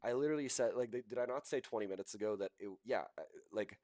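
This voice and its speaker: A man's voice: mid-range voice, quick pace, darkish tone, dry recording. A man hosting a livestream, reacting to posts with indignant commentary. He repeats himself and laughs scornfully. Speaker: livestream host.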